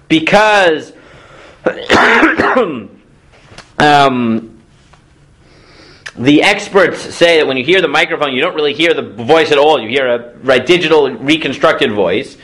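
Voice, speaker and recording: A man with a fairly high voice teaches a class of students as a rabbi, and his pitch jumps around a great deal. He reads passages aloud and then unpacks them in English, stopping to ask the room questions. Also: fairly bright tone. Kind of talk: lecture on Jewish law.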